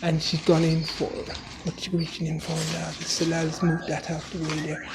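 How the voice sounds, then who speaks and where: A man putting on a teasing narrator with a put-on Irish lilt, muttering wry asides over a quiet craft video. The recording carries a clear hiss of background noise. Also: fairly high pitch, completely flat delivery, normal speed, close to an everyday voice. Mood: amused. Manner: wry running commentary, chuckling, mutters "Jesus" a lot. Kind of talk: mock silent-movie voiceover.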